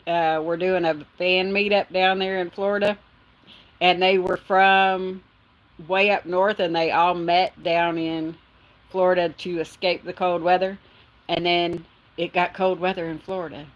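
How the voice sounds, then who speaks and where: A woman's voice: lowish voice, level tone, a little slow. A middle-aged woman, chatting casually on a livestream and reading viewer comments aloud with frequent laughs. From Texas. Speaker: livestream host. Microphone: phone.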